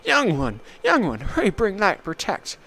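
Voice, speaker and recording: A man voicing a halting ancient spirit. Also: high voice, huge pitch swings, sharp tone, voice pushed up, exaggerated voice. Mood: urgent. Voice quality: halting, clipped phrases.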